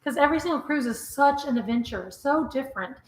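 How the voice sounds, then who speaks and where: A woman co-hosting a casual live stream from home on a webcam, excitedly reading out viewer messages. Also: high-pitched, a little fast. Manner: gushing, excitable. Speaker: vlog co-host reading live chat. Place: home room. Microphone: webcam on tripod. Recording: echoey room, faint noise.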